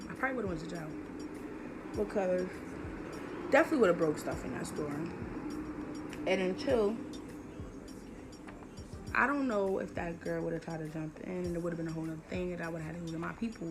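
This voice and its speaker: A woman's voice: on the low side, lively intonation, moderate pace, long pauses, over music. A young woman vlogger telling a personal storytime in emphatic slang, repeating her points for effect. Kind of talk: storytime vlog.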